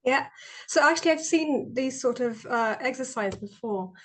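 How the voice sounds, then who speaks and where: High-voiced woman joining a webinar. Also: expressive, moderate pace, a bit bright. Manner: hesitant, self-deprecating. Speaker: webinar participant. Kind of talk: casual online chat.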